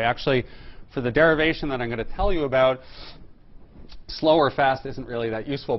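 Guy teaching a physics class, middle pitch, lots of uh and um, muffled lo-fi recording. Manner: explains step by step, many fillers and restarts. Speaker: physics lecturer. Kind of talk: technical lecture at a whiteboard. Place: lecture room.

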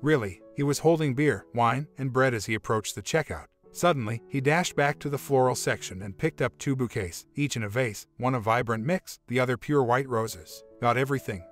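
Man reading a story over soft music. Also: mid-range voice, moderate pace, few pauses. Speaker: narrator. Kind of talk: scripted narration of a relationship story.

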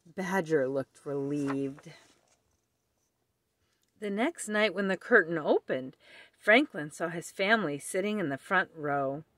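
Slow, expressive woman storyteller. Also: low-pitched, dry recording. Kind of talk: children's read-aloud.

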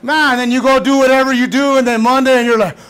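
A male pastor preaching a sermon, animated and casual, with shouted bursts and playful mock voices. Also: extremely high pitch, quick pace. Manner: casual slangy talk.

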